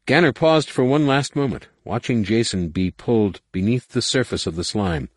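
A man reading an audiobook in a measured, dramatic narration. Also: mid-range voice, dry recording, clean studio sound. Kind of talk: scripted narration.

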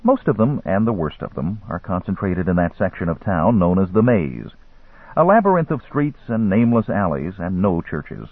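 Husky lively male audiobook narrator. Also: low voice, normal speed, no room sound. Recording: dry, phone-like narrow sound.

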